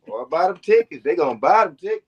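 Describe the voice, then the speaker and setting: Brief: man, relaxed drawl, slightly high, dull lo-fi audio. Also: fast talker, slightly rough. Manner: easygoing, drawling, laughs loudly. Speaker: comedian contestant. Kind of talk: casual comedy chat.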